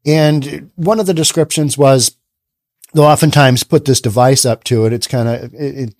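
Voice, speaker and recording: A man's voice: mid-range voice, steady tone, normal speed, a little mellow, dry recording, studio quality. A man hosting a podcast, commenting sarcastically on news stories he reads aloud, often repeating himself. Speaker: podcast host.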